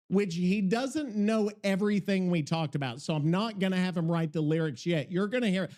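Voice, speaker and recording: Excitable, cursing man hosting a podcast. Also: sits high, moderate pace, hardly any pauses. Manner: rambling, profane, excitable. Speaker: podcast host. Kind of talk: casual podcast chat.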